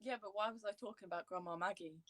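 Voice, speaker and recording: A woman's voice: mid-range voice, fast, fairly bright tone, a little hiss or hum. A young woman, chatting casually on a live stream, giggling often, with vocal tics that blurt out a word.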